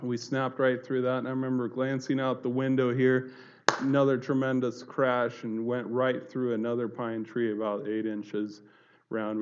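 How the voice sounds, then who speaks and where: A man giving a personal testimony to an audience, telling it in an earnest, halting way with many fillers and restarts. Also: medium pitch, darkish tone, dull audio. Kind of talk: earnest spoken storytelling to an audience.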